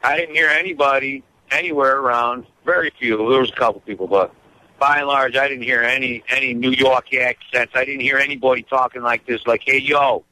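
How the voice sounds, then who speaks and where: A man's voice: medium pitch, steady tone, fairly quick, sharp tone, poor audio. A man hosting a talk radio show by phone, rambling and self-deprecating in casual chat. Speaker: regular host calling in from the protest.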